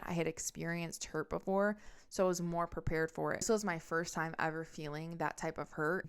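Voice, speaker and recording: A woman's voice: on the low side, clear, resonant tone. A young woman hosting a podcast, telling a personal story in a candid, intense monologue full of swearing. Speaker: podcast host.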